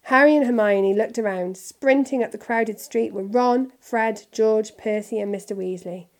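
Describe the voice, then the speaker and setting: A woman reading a children's novel aloud in steady, clear narration. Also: fairly high pitch, normal speed. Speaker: storybook reader.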